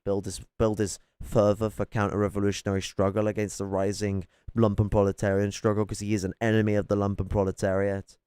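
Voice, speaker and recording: A man's voice: on the low side, completely flat delivery, brisk, hardly any pauses, warm tone, smooth, dry recording, clean studio sound. Angry profane man ranting. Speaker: political commentator reacting to clips. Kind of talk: ranting reaction commentary. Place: his flat.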